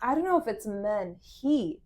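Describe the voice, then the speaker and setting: A young woman hosting a podcast, telling a dating story in casual chat, animated and swearing, full of fillers. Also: mid-range voice, measured pace. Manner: animated, swearing, many fillers, acts out quoted lines. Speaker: podcast host.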